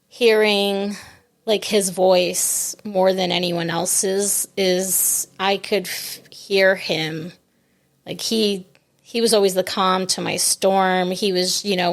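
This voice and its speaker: Woman, podcast guest, gravelly voice, halting, reflective storytelling. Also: mid-range voice. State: grieving. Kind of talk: conversational interview.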